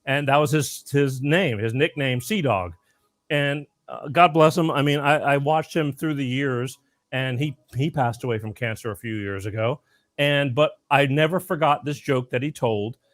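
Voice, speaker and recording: A man's voice: medium pitch, moderate pace. A man hosting a casual talk show, rambling through stories with lots of restarts. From Florida. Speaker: host. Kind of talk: casual chat.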